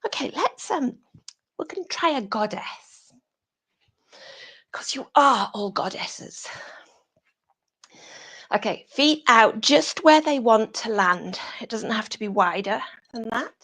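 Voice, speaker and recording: A British woman teaching a yoga class over a video call, giving soft breathy cues that often drop to a whisper. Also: on the high side, animated, slow, pauses often. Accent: British English.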